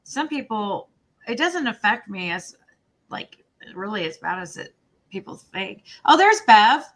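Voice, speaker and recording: A woman's voice: medium pitch, sing-song, unhurried, fairly bright tone. A woman hosting a casual livestream, talking in a chatty, self-deprecating way with frequent restarts and trailing phrases. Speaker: livestream host.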